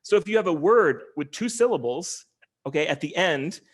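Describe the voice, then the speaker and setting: A man with a slightly higher-than-usual voice gives an online academic lecture. He explains step by step, pausing often with ums and restarting sentences as he goes. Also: animated. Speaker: linguistics professor giving a lecture.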